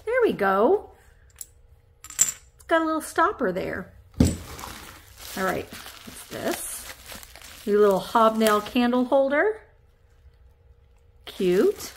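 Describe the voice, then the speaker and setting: A woman reselling antiques, chatting casually to viewers as she unboxes finds on camera, easily excited and talking to the objects. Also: a little high, slow pace, pauses often, background noise. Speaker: antique reseller and shop owner. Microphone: camera on a tripod.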